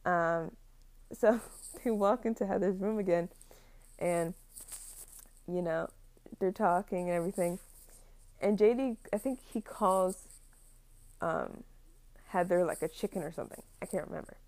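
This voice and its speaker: A woman's voice: fairly low pitch, unhurried, pauses often, a little mellow. A young woman casually retelling a film plot, rambling with many fillers and frequent laughs.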